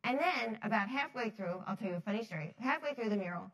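A woman from New Jersey giving a talk to an audience, telling stories in a lively, chatty way, laughing often and acting out the voices she quotes. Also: medium pitch, quick pace, low-quality recording. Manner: chatty, many fillers like "like". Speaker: speaker at a foundation talk series.

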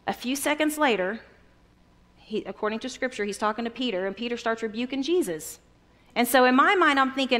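A woman's voice: sits high, quick pace, fairly bright tone. A woman preaching a conversational sermon, retelling Bible stories with voices for the people in them.

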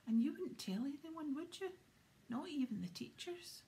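Whispered role-play: a woman reading an anxious, curious boy, pitched up high. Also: expressive, normal speed, dark tone.

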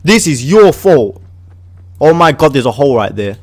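An English man giving excitable casual commentary while playing a game, shouting at his teammate. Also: mid-range voice, moderate pace. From England. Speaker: gaming video host.

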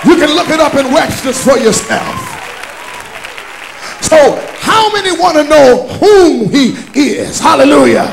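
A man, a bishop, preaching a sermon at a church conference in a chanting, shouted cadence that drops to quiet teaching. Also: very high voice, expressive, unhurried, creaky, background noise. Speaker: bishop and pastor. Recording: live church recording with faint music and crowd.

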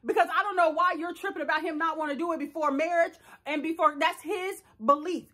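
Sassy high-voiced woman recapping reality TV. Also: a little fast. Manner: sassy, animated, talks straight to the viewer. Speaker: reality show recap host.

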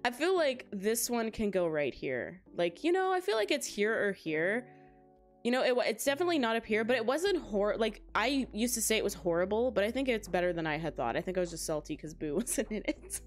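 A woman's voice: mid-range voice, big pitch swings, a little fast, soft background music. A woman streamer chatting casually to her live chat, laughing often and talking straight to her viewers. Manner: giggly, talks straight to chat.

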